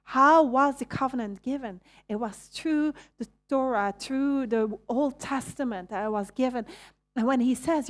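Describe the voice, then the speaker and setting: A woman's voice: high-pitched, a little slow. A woman with a Belgian Dutch accent preaching a sermon in a conversational way, asking the audience questions and correcting herself as she goes. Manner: restarts and self-corrections.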